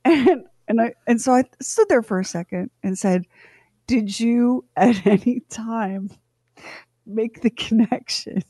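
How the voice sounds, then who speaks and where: A middle-aged woman co-hosting a radio show, telling a funny family story in lively banter and acting out the people she quotes. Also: a little high, slow pace, no echo, clean studio sound. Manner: animated storyteller, acts out quoted voices.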